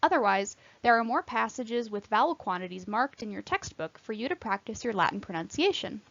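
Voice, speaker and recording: Female Latin instructor, scripted lesson voice-over, slightly raised pitch, careful diction. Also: very animated, a bit bright, no room sound, muffled recording. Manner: clear, careful, deliberate enunciation of example words. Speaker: Latin teacher.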